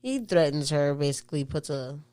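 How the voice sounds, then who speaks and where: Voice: medium pitch, animated, brisk, warm tone, clear, resonant tone, dry recording. A podcast co-host casually recapping a movie plot, with fillers. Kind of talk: casual movie review chat.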